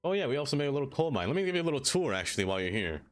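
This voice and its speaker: Talking very fast in a mid-range voice, a man live-streams a city-building game. He keeps the chat casual and playful, gets excited easily, laughs often, and names the viewers he greets.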